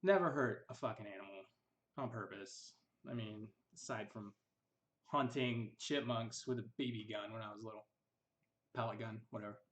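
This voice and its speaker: A man's voice: fairly low pitch, moderate pace, fairly bright tone. A young man casually recounting his past, rambling and bitter, sometimes mimicking others in a mocking tone. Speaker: vlogger recounting family history. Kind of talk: casual personal storytelling.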